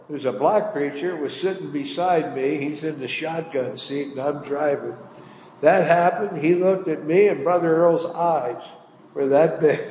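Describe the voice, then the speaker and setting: A man's voice: a little high, expressive, measured pace, darkish tone. An older man preaching a sermon, telling a story in a folksy, plain-spoken way. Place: church hall. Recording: echoey hall, faint room noise.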